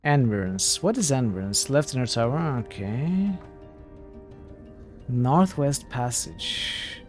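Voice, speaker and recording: Man, let's-play streamer, mid pitch, reads dialogue aloud, jokey asides, faint game music. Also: big pitch swings, slow pace. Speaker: streamer playing a role-playing game.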